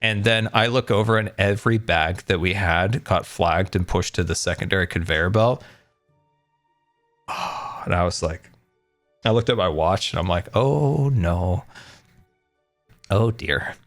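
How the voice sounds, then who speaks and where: Casual male storyteller, lowish voice, rambling and exasperated, faint music under him. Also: normal speed, fairly bright tone. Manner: rambling, frequent fillers and restarts, exasperated. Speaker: streamer telling a travel story.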